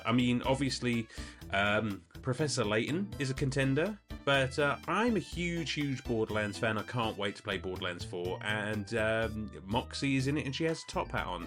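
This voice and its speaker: A British man hosting a podcast, casually answering listener questions in a rambling, self-correcting way. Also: fairly low pitch. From United Kingdom. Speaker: podcast host.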